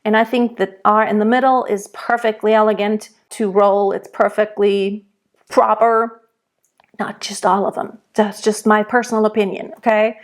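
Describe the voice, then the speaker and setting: A woman's voice: medium pitch, little pitch movement. A woman from Germany with a German accent, a singing teacher giving a diction lesson and modeling each sound aloud. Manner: explains slowly, models pronunciation aloud.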